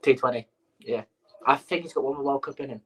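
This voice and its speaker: A man's voice: mid-range voice, quick pace, a bit bright, slight background noise, low-quality recording. A man hosting a sports podcast, thinking aloud with lots of fillers in casual chat. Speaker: podcast host.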